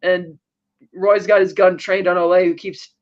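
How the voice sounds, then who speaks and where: A man's voice: high voice, normal speed, muffled recording. A man co-hosting a podcast, casually retelling a TV episode scene by scene and acting out the characters' lines. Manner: animated storytelling, acting out quoted lines. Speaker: podcast co-host.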